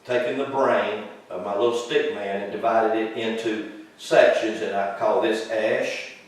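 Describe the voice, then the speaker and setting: A man preaching a sermon to a congregation, explaining scripture and building to loud, high-pitched emphasis. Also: steady tone, a little slow. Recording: echoey hall, distant from the mic.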